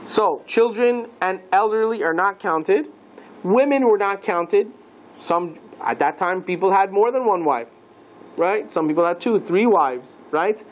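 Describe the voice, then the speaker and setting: A man teaching a class as a rabbi, lively and playful, asking the listeners questions and mixing Hebrew terms into his lesson. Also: high-pitched, a little slow, dull audio.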